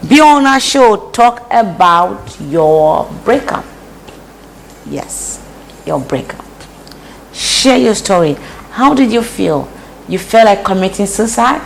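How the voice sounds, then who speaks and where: Slow, preachy woman cooking. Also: mid-range voice, expressive, gravelly, slight background noise, rough recording. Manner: preachy, repeats phrases for emphasis. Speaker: host. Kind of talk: casual cooking vlog talk. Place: home kitchen, indoors.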